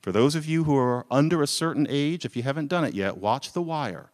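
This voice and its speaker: A man's voice: fairly high pitch, animated, fairly quick, darkish tone. A man giving a conference talk, making pointed arguments and answering his own rhetorical questions. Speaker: lecturer. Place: lecture hall. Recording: lecture hall with long reverb.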